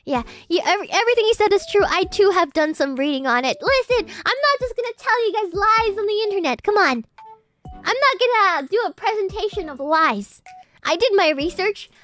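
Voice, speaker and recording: Woman streamer, high voice, posh-sounding english, giggly, faint music underneath. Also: lively intonation, a little fast, fairly bright tone. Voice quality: formerly very nasal, now loosened. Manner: self-described posh, slightly uppity-sounding English; giggly, reads chat messages aloud and thanks viewers. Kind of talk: casual chat with live chat.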